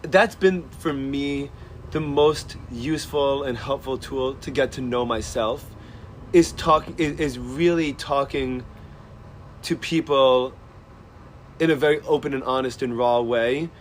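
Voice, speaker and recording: A man's voice: medium pitch, a little slow, a little hiss or hum. A man chatting as a podcast guest, rambling with many "like"s and restarts. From Israel and the United States. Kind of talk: casual conversation.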